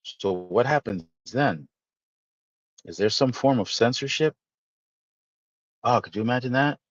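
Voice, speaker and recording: A man hosting a live stream, chatting casually with viewers and teasing them in playful, animated asides. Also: medium pitch, measured pace, no echo, lo-fi sound. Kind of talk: casual chat reading viewer comments.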